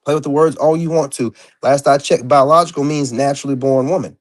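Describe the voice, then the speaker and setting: A man's voice: a little high, quick pace, few pauses. A man ranting in a casual vlog monologue, blunt and profane, rambling with lots of fillers. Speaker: vlogger. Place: indoors.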